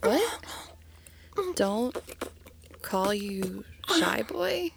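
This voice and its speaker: A woman's voice: fairly high pitch, slow pace, gravelly, background noise. A woman in a whispered role-play, talking in a teasing, coaxing way and often dropping to a whisper.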